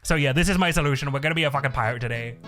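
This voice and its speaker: A man's voice: medium pitch, very fast, bright, forceful tone. A man streaming live, chatting casually in a rambling way, swearing a lot and laughing often. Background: faint looping background music.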